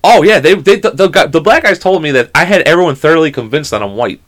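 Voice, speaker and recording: Podcast co-host, male, rapid, profane storyteller, a bit high-pitched. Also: expressive, fairly bright tone. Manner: swearing, storytelling, laughing. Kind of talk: casual chat.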